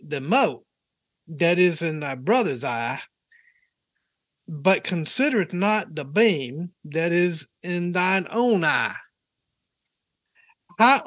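A man's voice: high voice, a bit bright, no room sound, exaggerated voice. A man putting on a Southern US accent to play a solemn preacher, drawing out his words as he reads. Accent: put-on Southern US. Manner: slow, drawn-out, solemn reading. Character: folksy Southern preacher reading scripture, man.

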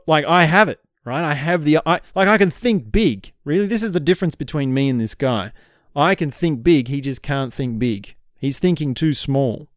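A man's voice: medium pitch, no echo, clean studio sound. A man talking straight to his own camera in a casual vlog monologue, reflective and rambling, with frequent "right?" asides. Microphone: camera mic.

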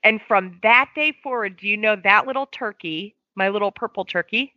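A woman's voice: medium pitch, moderate pace, dry recording, highs cut off. A woman, a foster parent, telling a story in conversation and acting out the quoted dialogue. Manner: lively, acts out quoted dialogue.

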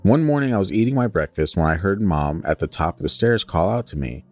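A man's voice: sits low, lively intonation, fairly quick, a little mellow, faint music behind. A young man co-hosting a podcast, reading a listener's ghost story aloud and breaking off to joke and swear casually.

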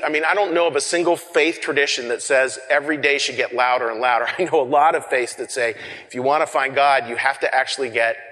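A man preaching a sermon in a loose, conversational way, often repeating and restarting words, swinging between loud shouts and hushed whispers for effect. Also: mid-range voice. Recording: long reverb of a hall.

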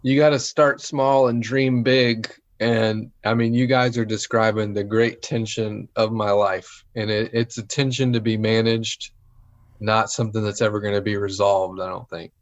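A man's voice: lowish voice, normal speed. A male pastor talking casually and animatedly, often acting out what other people say. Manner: animated, acts out quoted voices. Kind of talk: casual conversation. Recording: dull lo-fi audio.

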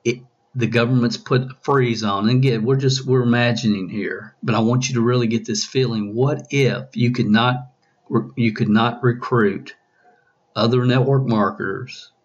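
A man's voice: mid-range voice, steady tone, moderate pace, lo-fi sound. A male coach hosting a podcast, asking his listeners question after question and often restarting his sentences. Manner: probing, repeats questions, many restarts. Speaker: business coach.

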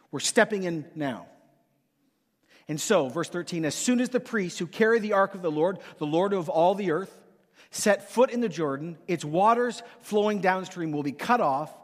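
A man's voice: high voice, big-room sound. A male pastor preaching with emphatic repetition and playful acted asides in a sermon.

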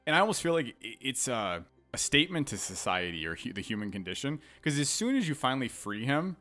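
A man co-hosting a casual video game review podcast, talking in an animated way and laughing often. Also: medium pitch, fast, soft background music. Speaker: podcast co-host.

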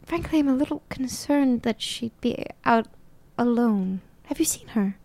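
High, genteel woman in role-play. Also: expressive, measured pace, darkish tone. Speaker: player. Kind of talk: in-character tabletop role-play.

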